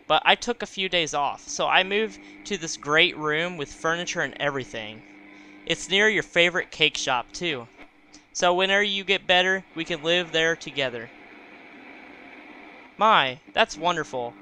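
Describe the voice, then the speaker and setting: Frail, muddled old mom from a game, read by a man, high and shrill when upset. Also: bright, forceful tone, a little hiss or hum. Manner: doting, then shrill and frantic. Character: frail confused elderly mother in hospital. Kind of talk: reading game dialogue aloud.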